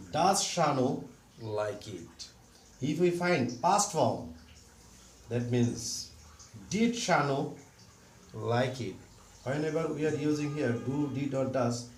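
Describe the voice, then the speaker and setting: A man teaching a grammar lesson, explaining step by step and repeating each example sentence. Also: medium pitch. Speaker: English teacher. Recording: roomy, distant mic with faint background noise.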